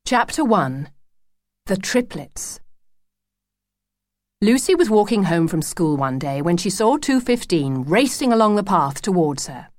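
A woman reading a children's storybook aloud in a gentle, clear storytelling manner. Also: mid-range voice, big pitch swings, measured pace, long pauses, no echo. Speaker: audiobook narrator. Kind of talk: scripted children's story narration.

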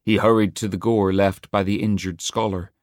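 A man narrating an audiobook in a measured, dramatic storytelling manner. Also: on the low side, little pitch movement, dry recording, studio quality. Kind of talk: scripted narration.

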